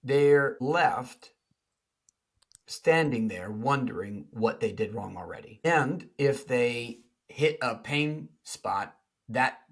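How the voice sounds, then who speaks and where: A man co-hosting a relationship podcast, talking in an animated way and acting out what partners say. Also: mid-range voice, takes it slowly. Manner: animated, mimics partners in quoted speech. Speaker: podcast co-host, couples expert. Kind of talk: lively conversational explanation with acted quotes.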